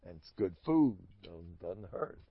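Man, informal storytelling, animated and rambling, chuckles, muffled lo-fi sound. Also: sits low, measured pace, breathy edge, no room sound. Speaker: Hasidic storyteller giving a talk. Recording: dull lo-fi dry recording.

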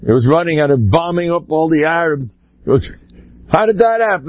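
An older man giving an animated religious talk, full of Hebrew and Yiddish words, swinging from low murmurs to high cries. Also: fairly quick, no echo, dull audio. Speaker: speaker giving a Torah talk.

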